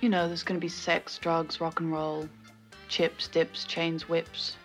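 A woman's voice: low voice, level tone, unhurried. Film clip: a worldly, teasing woman with a British accent, arch and provocative, music behind.

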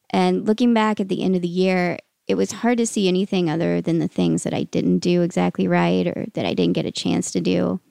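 Gravelly-voiced woman podcast host. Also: fairly low pitch, dark tone, no echo, studio quality. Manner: plain-spoken, wry and self-deprecating. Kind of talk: scripted narration.

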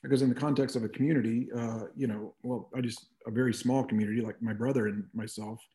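A man's voice: mid-range voice, fairly even intonation, fast talker, warm tone. A middle-aged man talking reflectively as an interview guest, with frequent "you know" asides. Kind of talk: conversational interview.

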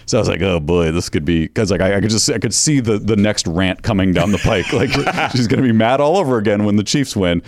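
A man's voice: fairly low pitch, quick pace, few pauses. A middle-aged man co-hosting a podcast, telling a family story in a laid-back, chuckling, self-deprecating way. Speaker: podcast co-host and announcer.

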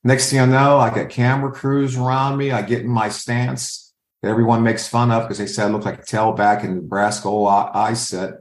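A man's voice: medium pitch, steady tone, brisk. Older man telling stories, roomy echo. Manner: storyteller who acts out others' lines. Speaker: scout. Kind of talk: anecdotal interview answers.

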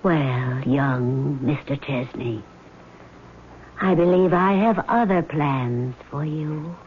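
An actress playing a vengeful female ghost in a 1970s radio drama, speaking slowly and sometimes whispering. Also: sits low. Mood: cold, menacing. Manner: slow, measured, sometimes whispering. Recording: tinny old radio broadcast with faint hiss.

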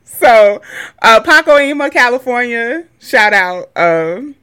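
A woman's voice: a little high, lively intonation, slow, fairly bright tone, clean tone. A woman co-hosting a podcast in casual, playful chat, laughing often. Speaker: podcast co-host.

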